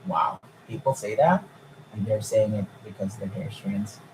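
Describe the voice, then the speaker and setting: A young man chatting casually on a live stream, excitable and incredulous, swearing freely. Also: fairly low pitch, a little slow, noisy background.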